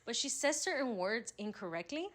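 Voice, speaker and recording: A woman co-hosting a podcast in casual chat, excitable and teasing, often laughing as she talks. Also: fairly high pitch, moderate pace. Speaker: podcast co-host.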